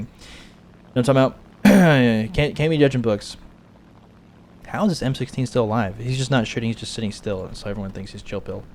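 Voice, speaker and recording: A man's voice: medium pitch, darkish tone, a little hiss or hum. Profane rambling gamer man. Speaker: gaming streamer. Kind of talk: casual gaming commentary with storytelling.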